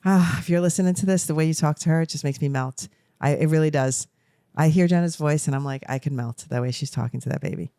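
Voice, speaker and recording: A woman's voice: low voice, fast, warm tone, smooth, no room sound, studio quality. A middle-aged woman co-hosting a casual family podcast, chatty and emotional, laughing often as a new grandmother.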